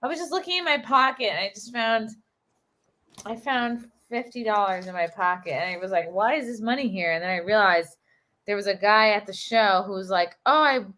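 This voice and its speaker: A woman's voice: medium pitch, normal speed, bright, forceful tone. A woman hosting a livestream, a stand-up comedian telling her road stories in a chatty, joking way. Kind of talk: casual livestream chat.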